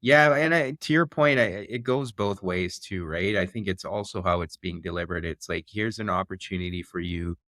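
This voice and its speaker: Deep-voiced male podcast host. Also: normal speed, hardly any pauses, no echo, clean studio sound. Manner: calm, affirming, with small backchannels and restarts. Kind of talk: conversational interview.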